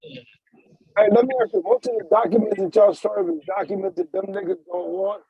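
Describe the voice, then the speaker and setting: A man's voice: extremely high pitch, wildly swooping pitch, normal speed, creaky, no room sound, lo-fi sound. A man joking and teasing in a casual podcast chat over a video call.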